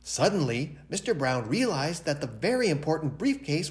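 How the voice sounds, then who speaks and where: Lively man reading a children's story. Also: fairly high pitch, normal speed, hardly any pauses. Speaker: library director reading a picture book. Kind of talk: children's storytime read-aloud.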